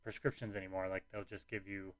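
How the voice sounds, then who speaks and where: A man's voice: deep voice, flat delivery, quick pace, fairly bright tone, dry recording. A young man telling a candid personal story in a casual, rambling way, often acting out what other people said. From United States. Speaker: podcast host telling his own story.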